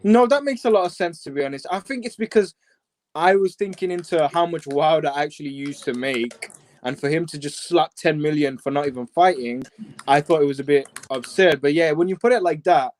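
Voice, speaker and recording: A man with a broad Sheffield Yorkshire accent talks over his phone in the small hours. He sounds laid-back and a little self-deprecating. His voice sits fairly high for a man. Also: a little fast, a little mellow. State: up late at night. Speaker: guest. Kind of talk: casual chat.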